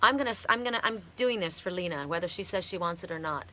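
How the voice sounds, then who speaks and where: A middle-aged woman from Canada giving a heartfelt, halting oracle card reading on a live stream. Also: fairly low pitch, lively intonation, sharp tone.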